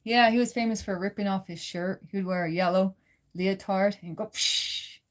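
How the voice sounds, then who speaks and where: Woman livestreaming, chatty, laughs a lot, reads comments out, mid-pitched voice. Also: brisk. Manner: laughs often, chatty and lively. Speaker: livestream host. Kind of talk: casual chat reading viewer comments.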